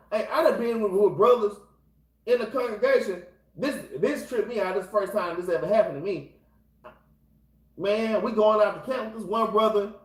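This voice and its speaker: A man's voice: high-pitched, roomy sound, rough recording. A man leading an informal scripture class, talking casually and exhorting his listeners, constantly repeating the same filler address. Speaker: Bible class teacher.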